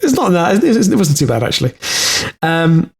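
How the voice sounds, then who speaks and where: A man's voice: on the high side, very animated, brisk, creaky, a little mellow. Welsh man hesitantly reading out news. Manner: hesitant, many fillers and restarts. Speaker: podcast co-host. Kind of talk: casual chat, reading news stories.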